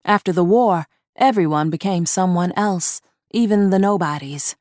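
A woman narrating a horror short story in a measured, deliberate reading. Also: on the low side, darkish tone, dry recording, studio quality.

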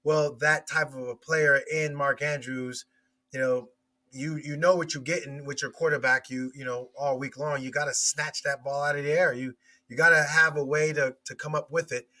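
A man who is a former player, talking football as a guest in a casual podcast chat, halting and restarting often. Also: fairly high pitch, fairly even intonation, bright, forceful tone. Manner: hesitant, halting with many restarts.

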